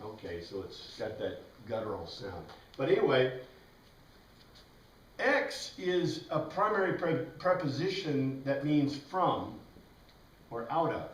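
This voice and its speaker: A man's voice: mid-range voice, sing-song, slow pace, slight background noise. A man teaching a Bible class in a casual, rambling way, spelling out words letter by letter. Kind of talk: informal classroom lecture. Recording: roomy classroom heard from a distance.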